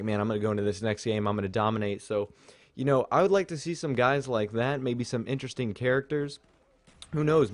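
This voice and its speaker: A man's voice: medium pitch, a little mellow, no echo. A young man talking casually and rambling over his gameplay footage, sharing thoughts with his channel's viewers. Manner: casual, rambling, chatty with fillers. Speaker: gaming channel host. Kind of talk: gameplay commentary.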